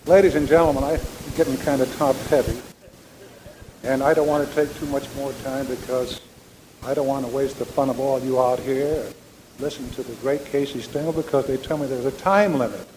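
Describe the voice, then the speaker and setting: A man's voice: mid-range voice, steady tone, a little fast, darkish tone. Older man telling ballpark stories in a hall. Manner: folksy storytelling, addresses the audience directly. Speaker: former ballplayer giving a speech. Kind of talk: after-dinner anecdote speech. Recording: reverberant hall with faint background noise.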